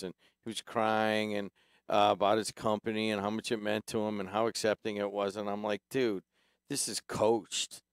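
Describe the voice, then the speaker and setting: A man hosts a talk radio show with a smooth, resonant voice that sits a little low. He talks in a loose, joking, conversational way. The sound is close and dry. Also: no room sound. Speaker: radio host.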